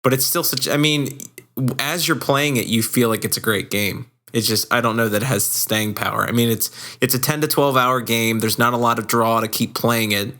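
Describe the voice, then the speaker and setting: A man's voice: mid-range voice, moderate pace, sharp tone. A man on a gaming podcast panel who lays out his reasoning and hedges with "I mean". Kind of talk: casual gaming podcast chat.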